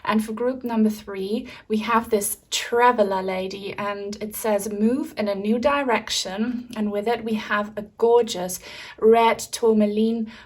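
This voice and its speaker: Soft, unhurried woman tarot reader. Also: mid-range voice, steady tone, slightly rough. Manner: gentle, soothing, open-hearted delivery. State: slightly out of breath. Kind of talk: pick-a-card tarot reading.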